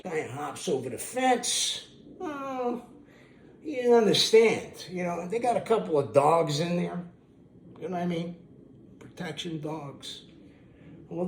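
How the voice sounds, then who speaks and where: A man's voice: fairly high pitch, darkish tone. An older man telling a story in a punchy, profane way, acting out the dialogue of the people in it. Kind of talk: animated anecdote telling. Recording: echoey room.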